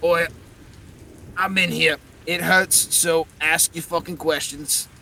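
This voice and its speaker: A man voicing the cursed skull of a male werewolf gang member, talking in a rough, pained, gruff and slangy way. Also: fairly high pitch, steady tone, slow, pushed and bright, slight background noise, pitched above the performer's own voice, exaggerated voice. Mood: pained, angry.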